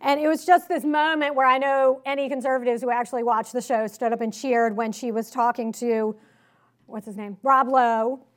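A woman's voice: a little high, flat delivery, normal speed. A woman with a slight Southern accent giving a political speech to a live audience, emphatic and sarcastic, full of rhetorical questions. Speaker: conference speaker. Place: conference hall.

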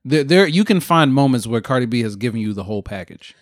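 A man co-hosting a podcast in casual chat, talking in a relaxed way and pushing back on his co-host's opinions. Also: medium pitch, fast talker, no room sound, clean studio sound. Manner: laid-back, defensive banter with mock voices. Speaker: podcast co-host.

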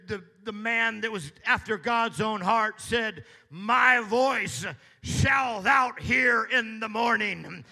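A man preaching a sermon, speaking slowly and building from hushed tones up to shouting. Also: high voice. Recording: long hall reverb.

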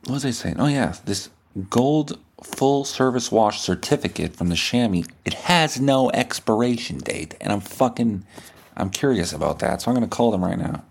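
A man's voice: fairly low pitch, animated, normal speed, gravelly. Rambling, profane guy. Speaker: podcast host. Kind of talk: comedic monologue and prank-style phone call.

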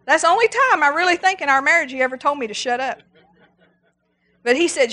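A middle-aged woman preaching a sermon, animated and emphatic, repeating her exhortations. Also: high voice, moderate pace.

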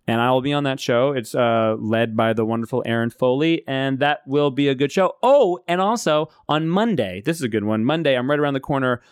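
A man co-hosting a podcast, trading crude, sarcastic banter with mock-serious deadpan. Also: medium pitch, a little fast, hardly any pauses, clear, resonant tone, no echo, studio quality. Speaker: podcast co-host. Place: Los Angeles.

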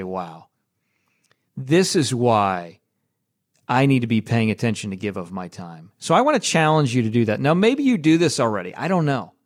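A man, hosting a show and telling a personal faith story in a casual, chatty way, often checking in with "right?". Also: mid-range voice. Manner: chatty and conversational, with tag questions and laughs. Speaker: podcast host.

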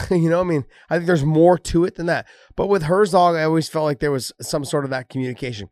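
A man's voice: fairly high pitch, fast, darkish tone, dry recording, studio quality. A man and former fighter chatting casually, acting out what he said mid-fight. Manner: storytelling, acting out quoted lines with laughs. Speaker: former fighter, podcast co-host. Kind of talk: casual chat.

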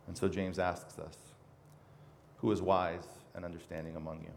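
A man's voice: deep voice, little pitch movement, moderate pace, creaky. A man preaching a sermon as pastor, earnestly reading scripture aloud with emphasis. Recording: reverberant hall with faint noise.

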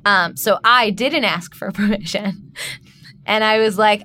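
A woman's voice: mid-range voice, unhurried. A woman from New York chatting in a studio, an actor who tells stories animatedly and acts out what people said. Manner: animated storyteller, acts out quotes, laughs often. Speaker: co-host, actor. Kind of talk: casual chat.

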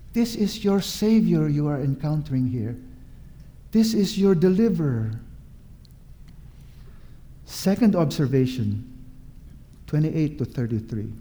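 A man's voice: on the high side, dark tone. A man preaching a sermon, emphatic and repetitive, drawing out his words and asking the listeners questions.

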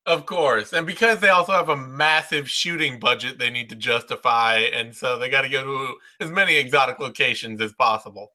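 A man's voice: mid-range voice, brisk, hardly any pauses, sharp tone. A man co-hosting a podcast in casual chat, joking and often stammering over his words. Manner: jokey, stammers and restarts. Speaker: podcast co-host.

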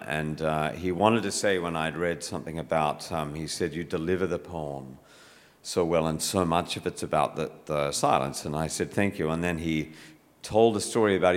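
An Australian man, a poet, telling stories to a live audience in a reflective way, with many fillers and restarts. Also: deep voice. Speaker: poet speaking at a public talk. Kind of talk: conversational talk to a live audience. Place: university lecture hall. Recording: hall reverb, live event.

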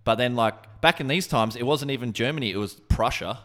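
A man's voice: medium pitch, fairly quick, a bit bright. A man co-hosting a podcast, chatting casually, rambling and swearing freely. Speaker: podcast co-host.

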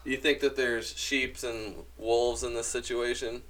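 A man's voice: medium pitch, little pitch movement, measured pace, fairly bright tone. A man in casual podcast chat, blunt and swearing, musing aloud about people.

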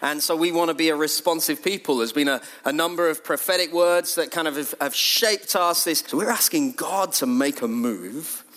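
This is a middle-aged man with a high voice, preaching to his church. He talks in an easy, conversational way and often lifts his voice to act out what other people say. His tone stays lively and chatty throughout. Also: moderate pace, few pauses. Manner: lively, conversational, acts out quotes in a raised voice. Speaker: church leader. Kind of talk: sermon.

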